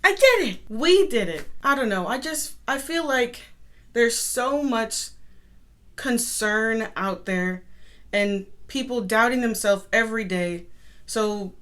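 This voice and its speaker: A young woman and artist talking to camera in a casual, upbeat motivational vlog, chatty and quick to laugh. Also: fairly high pitch, fairly bright tone. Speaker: artist and content creator.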